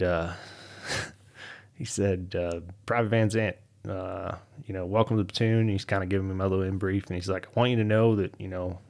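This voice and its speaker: A man, an Army veteran, telling stories in a podcast interview, acting out quotes and laughing often. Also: on the low side. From United States. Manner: animated storyteller, acts out quotes, laughs often.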